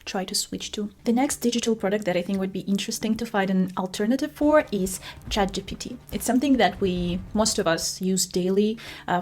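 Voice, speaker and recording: A woman vlogger reviewing tech products in a casual, chatty way, self-deprecating and quick to laugh. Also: mid-range voice, darkish tone.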